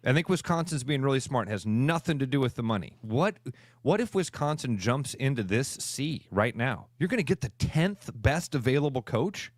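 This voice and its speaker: A man's voice: medium pitch, expressive, moderate pace, no room sound, studio quality. A man co-hosting a sports talk radio show, arguing his point emphatically and ranting about money in college sports.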